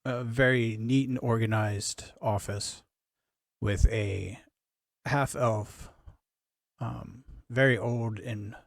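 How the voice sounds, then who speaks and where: A man narrating as game master in a tabletop game, relaxed and pausing with fillers. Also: medium pitch, creaky, dry recording, studio quality.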